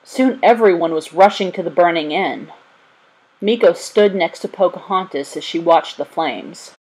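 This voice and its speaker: Storybook reader, woman, husky, lower-pitched voice, even narration. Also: moderate pace, rough recording. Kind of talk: storybook read-aloud.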